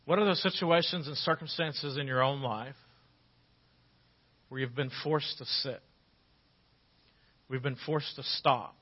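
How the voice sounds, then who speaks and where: A man in his forties preaching a sermon as a pastor, telling personal stories and acting out quotes with lively shifts. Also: mid-range voice, a little slow, long pauses, breathy edge, lo-fi sound. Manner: storytelling with lively acted quotes.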